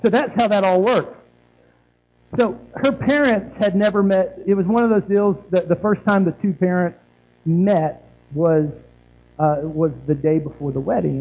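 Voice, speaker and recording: A man's voice: on the high side, creaky, mellow. A man preaching a sermon earnestly, often asking the listeners questions. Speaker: pastor. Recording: tinny phone-like band.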